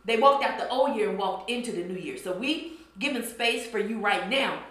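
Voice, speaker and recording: A woman's voice: medium pitch, moderate pace. Woman podcaster hyping up her listeners, playful, a bit out of breath, lots of echo. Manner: animated, teasing, church-style call and response. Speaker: podcast host. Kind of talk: playful podcast monologue, chanting dance calls. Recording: very echoey room.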